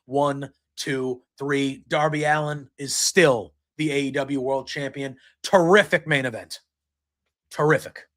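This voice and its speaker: A man's voice: medium pitch, fairly even intonation, measured pace, fairly bright tone. A man hosting a casual solo wrestling recap, retelling the action play by play with frequent ums. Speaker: wrestling show recap host.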